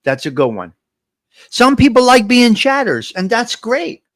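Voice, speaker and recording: Man, livestream host, higher-pitched voice, dry close mic, motivational, repeats himself, reads chat comments. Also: very animated, measured pace, fairly bright tone, dry recording. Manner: motivational, repetitive, addresses viewers directly. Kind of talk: casual live morning chat, reading chat comments.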